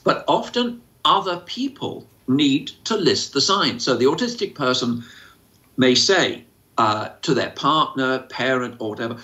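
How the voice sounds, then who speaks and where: A man's voice: mid-range voice, expressive, measured pace, bright, forceful tone. A man who answers questions as an autism expert, speaking informally with many fillers and acting out quoted voices. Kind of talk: informal explanatory talk. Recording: slightly dull lo-fi sound.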